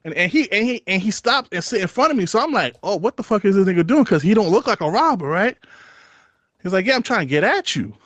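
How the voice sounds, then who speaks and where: A man's voice: high voice, big pitch swings, a little fast, fairly bright tone, no room sound. A man with a Brooklyn accent telling a story on a podcast in slangy street talk, laughing as he goes. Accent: Brooklyn, New York. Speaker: podcast co-host. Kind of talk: casual storytelling chat.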